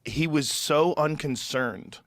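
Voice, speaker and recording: A man's voice: on the high side, slow pace, no room sound. Man host chatting, dry studio sound. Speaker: podcast host. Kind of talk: casual conversation. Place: podcast studio.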